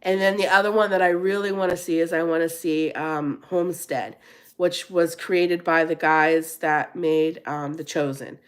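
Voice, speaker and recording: A woman's voice: sits low, steady tone, normal speed, smooth. A woman from Pennsylvania hosting a casual live chat, reading and answering viewer comments and laughing often. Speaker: live stream host.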